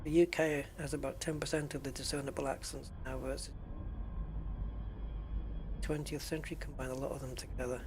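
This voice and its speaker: With a medium-pitched, flat delivery, this man from the United Kingdom talks a little fast but leaves long pauses. He rambles casually through viewer questions during a game stream against a noisy background.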